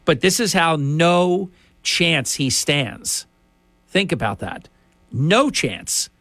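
A man's voice: on the high side, big pitch swings, slow, fairly bright tone, no room sound. A man hosting a talk radio show, ranting emphatically and indignantly into a studio microphone.

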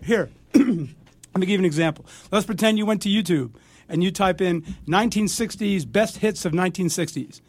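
High-pitched older man ranting angrily. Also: a little mellow, no room sound. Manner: angry, fired-up ranting with stammered restarts. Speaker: sports talk guest. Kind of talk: ranting radio talk. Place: radio studio. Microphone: studio mic with headphones.

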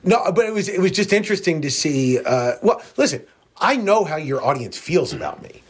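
A man's voice: fairly high pitch, very animated, brisk, breathy edge. A man with a South Jersey accent co-hosting a radio show, joking and arguing in casual banter with frequent restarts. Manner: joking, argumentative, rambling with restarts. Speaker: radio co-host.

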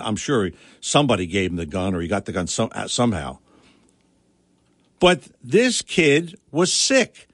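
A man's voice: high voice, fairly bright tone, no echo, clean studio sound. A middle-aged man hosting a political talk radio show, with an emphatic, indignant manner and frequent restarts.

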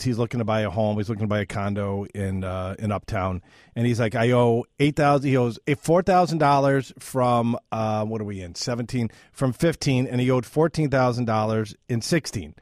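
Male radio host, animated storyteller, dry close studio mic. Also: medium pitch, no echo. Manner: animated storyteller, acts out both sides of calls. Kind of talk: radio interview.

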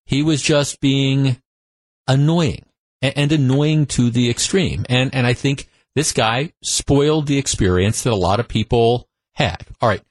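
A man's voice: medium pitch, unhurried, dry recording. A man hosting a talk radio show, telling a story in a conversational monologue full of restarts, on a studio microphone.

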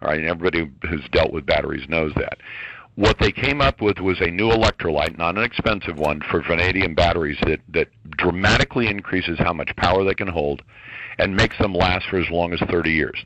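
Forceful low-voiced man ranting on radio. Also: lo-fi sound. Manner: heated, emphatic ranting. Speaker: radio talk show guest commentator. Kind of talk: radio talk show commentary.

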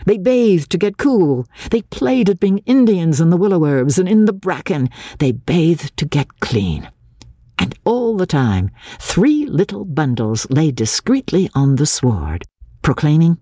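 A woman reads a classic novel aloud in a low voice that swoops widely as she tells the story. Her tone is mellow and slightly husky. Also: unhurried, dry recording, studio quality. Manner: expressive, lilting narration. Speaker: audiobook reader.

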